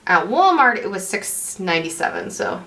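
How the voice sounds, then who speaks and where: A woman's voice: mid-range voice, big pitch swings, normal speed, fairly bright tone, a little hiss or hum. A young woman chatting casually through a makeup tutorial, rambling and correcting herself as she goes. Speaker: beauty vlogger.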